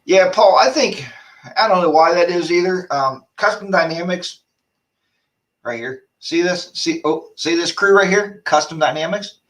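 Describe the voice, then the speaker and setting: A man's voice: high voice, normal speed, a bit bright, distant mic. A man hosting a casual live-stream chat, rambling and ranting while reading viewer comments aloud. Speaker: host of a motorcycle chat show.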